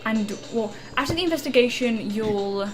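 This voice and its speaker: Woman chatting thru a game playthrough, says like a lot, game music pretty loud under her. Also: a little high, expressive, moderate pace, low-quality recording. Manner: chatty, uses many "like" fillers while explaining. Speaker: let's play co-host. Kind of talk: casual gameplay chat.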